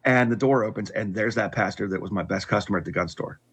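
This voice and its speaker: A man's voice: lowish voice, fast talker, fairly bright tone, slightly rough. A middle-aged man candidly telling a personal story in casual conversation, with restarts and wry laughs.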